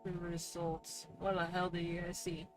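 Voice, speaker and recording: A lowish, monotone female voice at normal speed, with faint music underneath. The speaker is a VTuber streamer playing a game who chats loosely with her viewers, swearing freely and laughing often.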